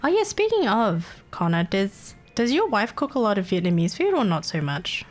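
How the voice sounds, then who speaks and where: A woman's voice: medium pitch, big pitch swings, moderate pace, faint music behind. A woman with an Australian accent, streaming and chatting casually, giggly and swearing freely. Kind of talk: casual livestream chat.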